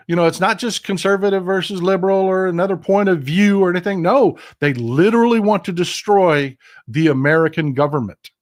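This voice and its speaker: A man's voice: sits high, brisk, hardly any pauses. An older man hosting a political commentary livestream, talking with passion and emphasis, repeating phrases, and reading viewer comments aloud. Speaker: livestream host.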